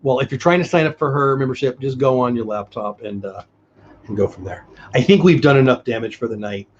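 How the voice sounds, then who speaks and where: A man co-hosting a live online show, chatting casually and thanking viewers by name, his voice going hoarse. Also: medium pitch, brisk. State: losing his voice. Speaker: livestream co-host. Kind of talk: casual live-stream chat. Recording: dull lo-fi stream audio.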